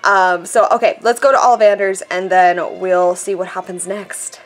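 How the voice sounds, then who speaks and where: A woman casually commenting while playing a mobile game, chatty and excitable, reading the on-screen text aloud. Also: medium pitch, normal speed, soft background music. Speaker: gameplay vlogger. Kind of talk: casual let's-play commentary.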